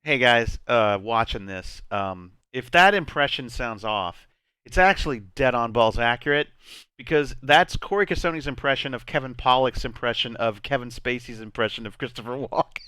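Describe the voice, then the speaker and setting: A man's voice: medium pitch, moderate pace, bright, forceful tone, clean tone, dry recording, clean studio sound. A man hosting a casual game stream, playful and rambling, laughing often between his words. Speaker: streamer host.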